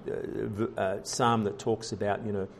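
A man's voice: on the low side, flat delivery, normal speed, gravelly. Earnest man preaching a sermon. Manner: earnest preaching, many fillers and restarts, rising emphasis. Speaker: pastor.

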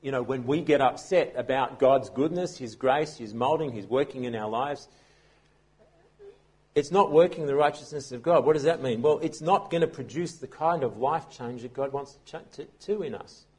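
A man's voice: medium pitch, moderate pace, a little mellow, husky. A man preaching a sermon as pastor, telling a story in a conversational way with frequent restarts.

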